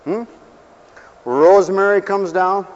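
Folksy older preacher in a reverberant hall. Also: male voice, high voice, takes it slowly. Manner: folksy, humorous preaching, shifting from quiet asides to loud exclamations. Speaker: pastor. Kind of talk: sermon. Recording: dull lo-fi sound with long hall reverb.

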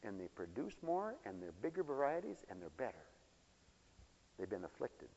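A man preaching a sermon in a folksy storytelling way, dropping to low mutters and rising to loud high exclamations. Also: wildly swooping pitch, moderate pace, vocal fry, slightly rough. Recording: dull lo-fi broadcast with long hall reverb.

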